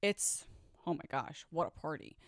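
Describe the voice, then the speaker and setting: Low-voiced woman telling a candid story. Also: normal speed, no room sound, studio quality. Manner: candid, chatty, swears, speaks straight to viewers. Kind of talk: casual storytime monologue.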